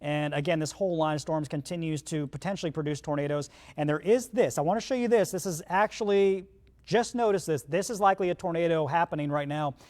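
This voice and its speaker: A man's voice: on the high side, fast, a little mellow. A man, the chief meteorologist, giving live storm coverage as he walks viewers through radar in a conversational, urgent way, with hiccups. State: has the hiccups. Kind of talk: live broadcast weather coverage.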